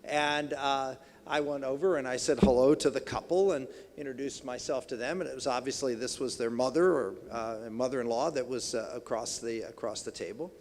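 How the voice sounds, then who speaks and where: A man's voice: mid-range voice, fairly quick, a little mellow, slight background noise. A middle-aged man giving a folksy political speech at a banquet, rambling with many restarts and fillers. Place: banquet hall. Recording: reverberant banquet hall.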